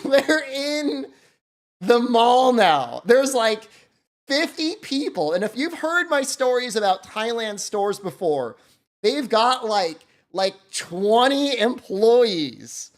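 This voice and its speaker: Man, streamer, casual storytelling, laughing, very lively pitch. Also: slow.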